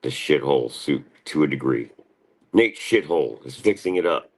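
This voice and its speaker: Super deep voiced dude rambling on his livestream, swears a lot. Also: lively intonation, normal speed. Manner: rambling, profane, answers chat. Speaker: livestream host. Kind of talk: casual livestream chat.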